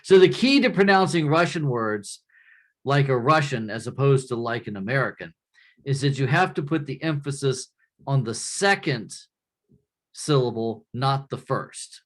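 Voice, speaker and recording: A man giving a classroom lecture in a relaxed, conversational way, often checking in with the class by asking "right?". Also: medium pitch, normal speed.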